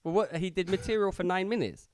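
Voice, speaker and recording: A man hosts a podcast chat, pushing his opinions in a blunt, emphatic way. His voice is smooth and resonant, at a middle pitch. The recording is dry and close. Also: fast talker, no room sound.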